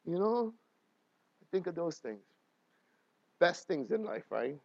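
A man in his thirties, a pastor telling personal stories in a sermon, emotional, swinging from quiet talk to loud laughing bursts. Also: fairly high pitch, sing-song, slow pace, gravelly, no room sound, highs cut off.

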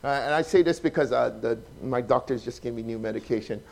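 A pastor, preaching a sermon that swings from loud, emphatic passages to soft, hushed ones. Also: male voice, medium pitch, fairly quick, vocal fry. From Hawaii.

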